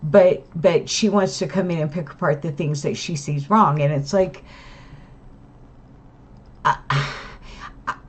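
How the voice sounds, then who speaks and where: A woman's voice: sits low, slow pace, pauses often, slightly rough. A tired woman rambling and venting to her camera at home, full of restarts and tag questions. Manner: rambling, weary, frequent "right?" and restarts. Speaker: vlogger. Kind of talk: casual venting monologue to camera. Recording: dull lo-fi sound.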